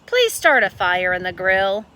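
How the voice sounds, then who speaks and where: A woman's voice: mid-range voice, very animated, a little slow, sharp tone, slight background noise. Woman doing an exasperated storybook man.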